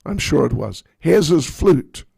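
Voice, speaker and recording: A man voicing a half-blind old woman who is suspicious and easily shocked, speaking in a shrill, indignant voice. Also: expressive, unhurried, vocal fry, warm tone, slightly rough, dry recording, studio quality, heavily acted.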